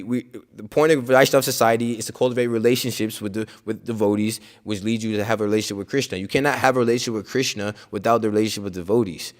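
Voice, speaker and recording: Outspoken man giving a casual religious talk. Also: lowish voice. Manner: conversational, full of "like" and "you know"; emphatic and outspoken. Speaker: speaker at a scripture class.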